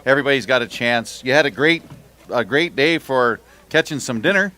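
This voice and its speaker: A man's voice: mid-range voice, animated, fairly quick, bright, forceful tone. A man emceeing a fishing tournament weigh-in, reading out weights and teasing the anglers in a joking, upbeat way. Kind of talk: live announcing and bantering with anglers.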